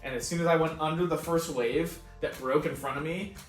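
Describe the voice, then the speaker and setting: A man's voice: fairly high pitch, brisk. A man co-hosting a podcast, telling a long casual story with frequent laughs and free swearing. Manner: laughs often, swears freely, animated retelling. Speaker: podcast co-host. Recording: roomy echo, distant mic, faint music.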